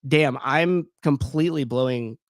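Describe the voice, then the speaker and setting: A man's voice: mid-range voice, unhurried, no echo, clean studio sound. A man in his thirties, a gym owner, telling a personal story in a loose, candid way, full of fillers and swearing. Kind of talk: casual storytelling.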